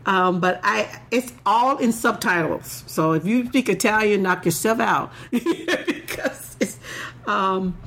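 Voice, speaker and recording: A woman's voice: mid-range voice, slow pace, a bit bright. A woman chatting casually as a co-host, laughing often and restarting her sentences. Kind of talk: casual chat.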